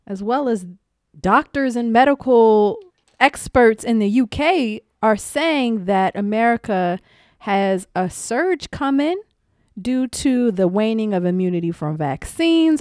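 A woman's voice: on the high side, takes it slowly, no echo, clean studio sound. A woman co-hosting a podcast, chatting casually with lots of laughter and slang. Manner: animated, laughing, slangy storytelling. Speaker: podcast co-host. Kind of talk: casual chat.

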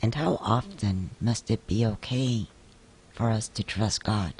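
A woman's voice: a bass voice, a little slow, a little mellow, husky. A woman hosting a faith-based interview show, asking questions and encouraging her guest. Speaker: host.

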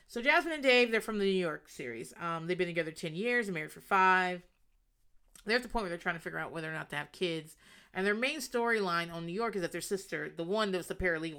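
A woman hosting a podcast, telling a reality show recap in a casual, animated way, acting out quotes and swearing freely. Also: lowish voice. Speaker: podcast host.

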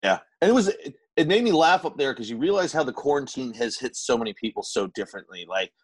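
A man's voice: mid-range voice, animated, fast, husky, no room sound. A man co-hosting a podcast, telling rambling weekend stories full of fillers and swearing. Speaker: podcast co-host. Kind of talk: casual podcast chat.

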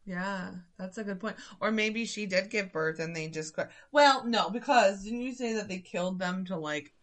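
A woman's voice: mid-range voice, normal speed, fairly bright tone. A woman co-hosting a podcast in casual chat, playful and sarcastic as she floats wild theories. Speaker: podcast co-host.

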